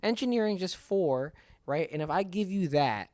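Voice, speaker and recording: A fairly high-pitched man hosts a podcast in loose, casual chat. He rambles and leans on fillers, and his voice rises and falls with lots of movement. He sounds easygoing as he circles his points. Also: animated, normal speed, darkish tone, no echo. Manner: rambling, filler-heavy, frequent "like" and "right?". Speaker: podcast host.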